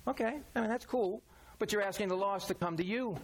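Man, pastor, folksy conversational sermon, slightly high voice. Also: a little fast. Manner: folksy, conversational preaching with everyday examples.

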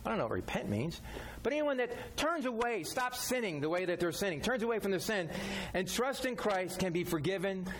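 Guy pastor preaching, chatty and direct, repeats himself a lot, kinda high voice. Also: slight background noise. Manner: conversational, direct, repetitive phrasing. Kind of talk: sermon.

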